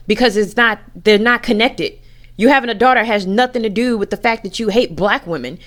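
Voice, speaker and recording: A woman's voice: on the high side, fairly quick, a bit bright. A woman giving a candid personal rant to camera, blunt and profane as she talks frankly about her own family. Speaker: vlogger.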